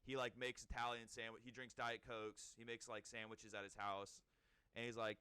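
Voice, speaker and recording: A young man co-hosting a podcast, chatting casually in a rambling way with quick restarts. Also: medium pitch, level tone, sharp tone, clear, resonant tone, dry recording. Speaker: podcast co-host. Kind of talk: casual chat.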